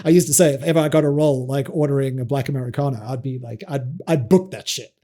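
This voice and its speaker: South African actor telling lively anecdotes. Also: male voice, mid-range voice, quick pace. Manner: animated anecdotes with frequent restarts and laughs. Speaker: podcast guest, actor. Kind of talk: casual interview storytelling.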